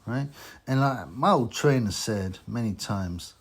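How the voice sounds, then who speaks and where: Tipsy male boxing vlogger with a low, husky voice, rambling casual chat. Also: animated. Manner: rambling, slow, with many fillers. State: tipsy from drinking.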